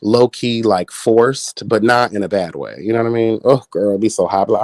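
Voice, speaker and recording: A man in his late thirties hosting a livestream, chatting with viewers in a sassy, campy, animated way. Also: fairly low pitch, moderate pace, hardly any pauses, no echo, clean studio sound. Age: 30s. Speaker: livestream host. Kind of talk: casual chat with viewers.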